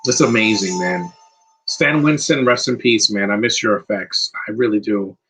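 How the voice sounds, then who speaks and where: A man talks through a film he loves, rambling and near tears, tacking "man" onto his sentences. His voice is husky and bright. He chats casually, as if to friends. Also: fairly low pitch, normal speed, soft background music, rough recording. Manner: emotional, rambling, frequent "man". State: teary, close to crying. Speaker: movie commentator. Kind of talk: casual live film commentary.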